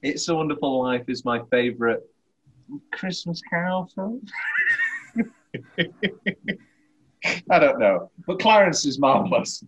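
A man's voice: fairly high pitch, expressive, unhurried, pauses often, husky. A man co-hosting a casual film podcast, rambling and interrupting himself, often laughing mid-sentence. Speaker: podcast co-host. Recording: dull lo-fi podcast audio.

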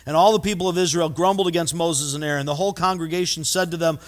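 A man preaching a sermon, animated and acting out voices, often stumbling and repeating words. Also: a little high, fast. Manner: animated, acts out voices in quotes. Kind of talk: expository sermon.

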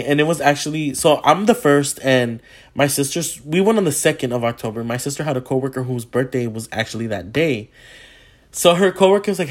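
A man vlogging a casual story time, swearing freely and excitable, acting out what people said with gasps and laughs. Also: medium pitch, fairly quick. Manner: acts out quotes with gasps and laughter.

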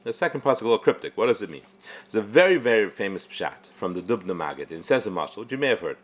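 A middle-aged man, a rabbi, giving an informal weekly Torah talk in a conversational way, often halting and restarting his sentences. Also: lowish voice, big pitch swings.

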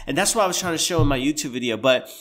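American guy on a podcast, kinda high voice, gets loud and excited telling stories, bro every line. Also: rapid-fire. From United States. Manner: animated storyteller, swings loud and high; says "bro" constantly. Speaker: podcast guest. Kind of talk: casual podcast conversation.

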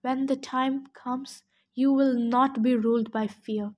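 A woman reading aloud the part of an ancient male nature god, gentle and sorrowful, in a solemn, earnest way. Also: sits high, steady tone, slow pace, lo-fi sound, voice pushed down.

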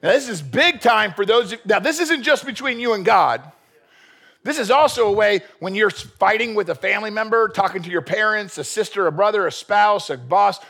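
A man preaching a sermon. His pitch is high and swings widely, and the tone is husky. He talks energetically and acts out quotes. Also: moderate pace. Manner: animated, acts out quotes, rhetorical questions. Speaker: pastor.

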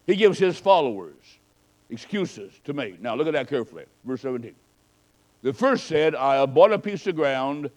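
A man preaching a sermon as an evangelist, fervently swinging between loud exhortation and hushed storytelling. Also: mid-range voice, sing-song, normal speed, poor audio.

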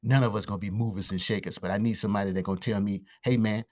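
A man with a lowish voice hosting a solo podcast into his mic. He talks quickly and casually, with plenty of slang, "ums" and restarts as he speaks straight to his listeners. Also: fairly even intonation. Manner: fast, loose talk with fillers and slang. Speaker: podcast host. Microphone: podcast microphone.

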